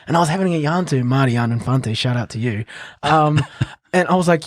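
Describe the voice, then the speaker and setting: A man's voice: a little high, fairly quick, hardly any pauses, dry recording, clean studio sound. A man with a New Zealand accent, a guest and actor, talking earnestly and reflectively in a casual podcast chat.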